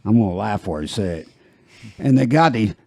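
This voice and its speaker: An older podcast host leads a casual group chat in a fairly low, darkish voice with no room sound. He talks fairly quickly and animatedly, joking, laughing often, and slipping into put-on voices.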